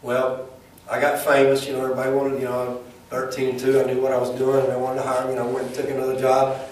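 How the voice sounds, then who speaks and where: Middle-aged man, folksy speaker, mid pitch, distant mic in a very echoey hall. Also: completely flat delivery, quick pace, a little mellow, slight background noise. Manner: folksy, storytelling, plainspoken. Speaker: speaker at a chamber event, former football coach. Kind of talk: folksy motivational speech with jokes.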